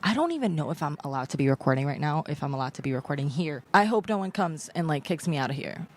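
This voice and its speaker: A young woman with a low voice, chatting casually as a podcast host. She keeps her voice hushed and half-whispered, with a nervous edge, as she records in a library on a new microphone. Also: animated, fast. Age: young adult. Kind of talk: casual chat. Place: public library, indoors.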